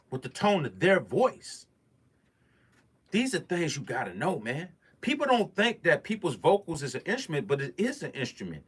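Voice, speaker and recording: A man talking straight to camera about making music, hammering each point home in loose street slang. His voice sits a little high for a man, and he comes across as a producer lecturing the younger crowd. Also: fairly bright tone, breathy edge. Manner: emphatic and preachy, street slang. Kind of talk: casual talking-head monologue.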